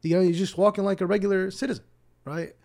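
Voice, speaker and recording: Mellow, higher-voiced Palestinian-born imam. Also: male voice, fast talker, gravelly. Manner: animated storyteller who acts out dialogue; repeats words as he restarts. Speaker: imam and podcast guest. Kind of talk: casual storytelling interview.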